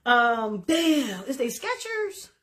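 A middle-aged woman, chatting to her viewers in a loud, animated, profane way and laughing often. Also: sits high, slow. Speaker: social media creator. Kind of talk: casual live-stream chat.

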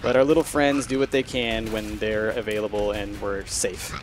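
A man's voice: on the low side, little pitch movement, moderate pace, faint music behind. Chatty man commentating a video game. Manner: chatty, swearing, swings from hushed focus to loud frustration. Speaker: gameplay commentator. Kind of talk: live gameplay commentary.

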